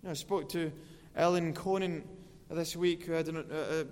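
A man preaching a sermon to his congregation, earnest, slowing and swelling as he quotes scripture. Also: on the high side, steady tone, a little mellow, in a large hall. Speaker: pastor.

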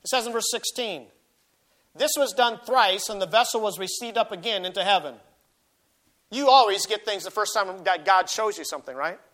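A man delivering a sermon in a high, bright voice. He reads scripture aloud, then explains it with homey, self-deprecating asides, pushing hard on the key points. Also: normal speed. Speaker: pastor.

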